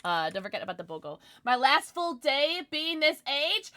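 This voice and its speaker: A woman's voice: a little high, normal speed, hardly any pauses, no room sound. Chatty woman streaming a game. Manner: chatty, reacts loudly, reads chat aloud. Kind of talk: casual gameplay livestream chat. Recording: steady background noise.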